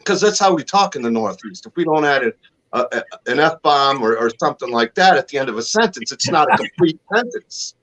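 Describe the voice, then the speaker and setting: A man's voice: mid-range voice, big pitch swings, a little fast, fairly bright tone, low-quality recording. Man with a mixed Northeastern accent. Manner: friendly, joking, self-deprecating. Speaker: interview host. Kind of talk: casual interview chat.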